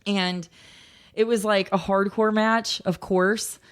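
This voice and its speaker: A woman in her thirties, a guest on a podcast, telling stories in a casual, animated way, with frequent laughs and lots of filler words. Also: medium pitch, slow pace, smooth. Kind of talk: casual storytelling interview.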